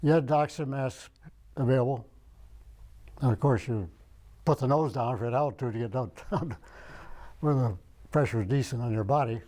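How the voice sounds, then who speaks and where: Old guy from michigan remembering stuff out loud, warm dark voice, wanders a bit. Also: medium pitch, a little fast, pauses often. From Michigan, United States. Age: older. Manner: rambling, searches his memory aloud. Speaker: veteran interviewee. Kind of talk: oral history interview.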